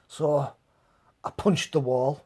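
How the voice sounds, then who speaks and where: A man's voice: on the high side, mellow, breathy edge. A man hosting a live stream, telling rambling stories to his chat, laughing often and swearing freely. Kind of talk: casual storytelling to live chat.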